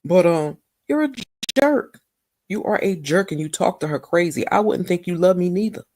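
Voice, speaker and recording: A woman giving a casual, gossipy recap of a TV episode, animated and talking straight to her viewers. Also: fairly low pitch, normal speed, a little hiss or hum. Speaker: TV recap vlogger.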